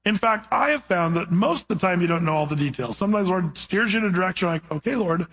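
Man, pastor, sermon, casual storytelling delivery, husky higher voice. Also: lively intonation, fast, hardly any pauses, a bit bright, low-quality recording. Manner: conversational, storytelling preacher.

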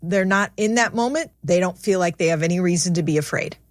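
A woman's voice: on the low side, fast, no room sound, clean studio sound. A woman co-hosting a faith talk show, telling stories in a chatty way and laughing as she goes. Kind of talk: casual conversational storytelling.

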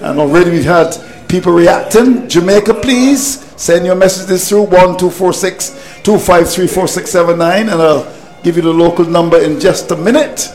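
High-voiced Caribbean cricket radio commentator, exasperated. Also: male voice, normal speed, darkish tone, soft background music, poor audio. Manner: exasperated, repeats phrases, chuckles at the collapse.

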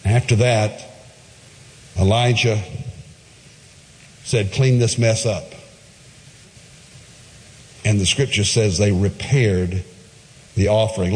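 A man preaching a sermon, retelling a Bible story with lively acted-out quotes and shifting emphasis. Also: on the low side, long reverb tail. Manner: animated preaching, acts out voices in Bible quotes. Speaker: pastor.

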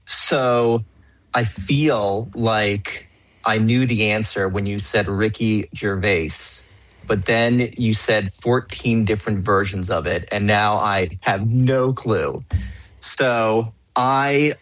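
A man's voice: fairly low pitch, takes it slowly, fairly bright tone, no room sound, low-quality recording. A male quiz contestant who muses and doubts himself aloud before answering. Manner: musing, self-doubting, thinks aloud.

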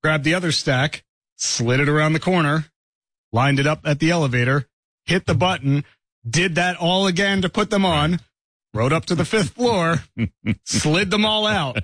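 A man on a radio show recounts events step by step in a deadpan, matter-of-fact way. His voice sits a little higher than most men's. The mic sound is close and dry. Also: moderate pace, dry recording. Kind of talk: casual studio banter. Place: radio studio.

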